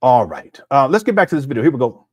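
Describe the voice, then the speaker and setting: A man with a sore throat talks through a critical livestream commentary, reading viewer chat aloud and often breaking into laughter. His voice sits in an ordinary middle pitch. The recording is close and dry, with no room sound. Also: sing-song, quick pace, darkish tone, husky, no room sound. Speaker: commentary host.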